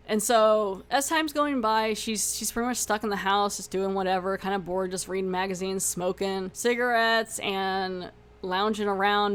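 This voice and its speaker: A young woman hosting a podcast who animatedly retells a TV episode, acting out the lines and often laughing. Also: mid-range voice. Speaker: podcast host. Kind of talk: casual episode recap review.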